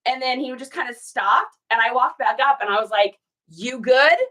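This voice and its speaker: A woman's voice: on the high side, a little fast, pushed and bright. A woman hosting a casual live stream while shipping orders, chatting folksily, telling stories and reading viewer comments aloud. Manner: folksy, says y'all.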